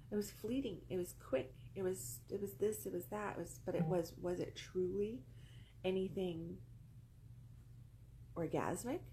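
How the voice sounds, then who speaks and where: A woman's voice: fairly low pitch, dark tone, a little hiss or hum, rough recording. A woman vlogger telling a casual, rambling story, repeating phrases for emphasis, settled among pillows indoors.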